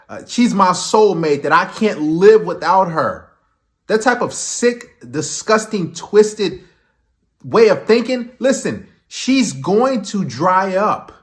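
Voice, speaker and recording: A man giving dating advice as a coach, blunt and emphatic, lecturing his viewers. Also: sits high.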